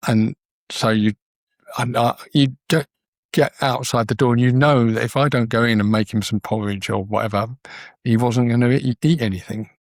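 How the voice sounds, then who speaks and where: A man's voice: mid-range voice, steady tone, moderate pace, no room sound, clean studio sound. A man, a documentary photographer telling stories as a podcast guest in an earnest, rambling way. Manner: rambling, frequent restarts, earnest. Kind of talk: casual conversational storytelling.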